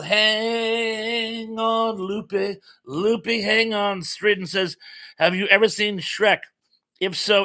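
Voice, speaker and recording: Man, middle-aged, from Massachusetts, casual livestream chat, jokey asides, bright tone. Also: a little high. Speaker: livestream host. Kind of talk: casual live chat, reading comments aloud.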